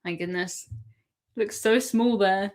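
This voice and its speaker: An Englishwoman from England hosts a cruise live stream, chatting casually, fielding viewer questions and laughing a lot. Her voice is mid-range and her pace slow.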